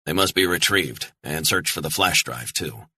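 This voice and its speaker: Man reading cool american operative, clipped and calm, low husky tone, thriller audiobook. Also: normal speed, full character voice. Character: calm cold male covert operative.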